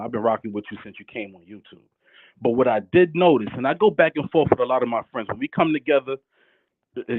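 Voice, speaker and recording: A man's voice: mid-range voice, no echo. A man calling in to a live show, talking in a laid-back, rambling way with many fillers. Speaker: caller. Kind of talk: casual call-in chat. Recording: tinny phone line.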